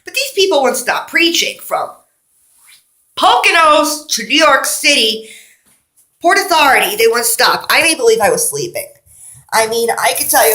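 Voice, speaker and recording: A woman's voice: fairly high pitch, sing-song, moderate pace, pushed and bright. A woman vlogger in a rambling, digressive monologue, talking candidly and a little wheezy.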